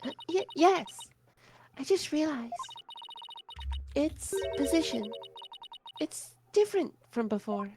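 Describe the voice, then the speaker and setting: A woman's voice: high voice, sing-song, slow pace, long pauses, music in the background, exaggerated voice. A woman reading the lines of a nervous young female witness, hesitant and stammering, over a noisy home mic. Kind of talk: players reading game dialogue aloud.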